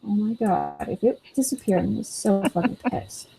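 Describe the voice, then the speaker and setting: A woman's voice: medium pitch, animated, moderate pace, creaky, noisy background. A woman co-hosting a casual chat, exasperated and swearing while she scrolls for a comment. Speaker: co-host.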